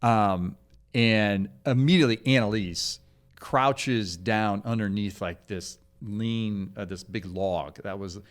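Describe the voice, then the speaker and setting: A man's voice: lowish voice, slow. A father in a casual podcast chat, telling a family story with laughter and restarts. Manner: animated storyteller who laughs easily. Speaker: parent guest.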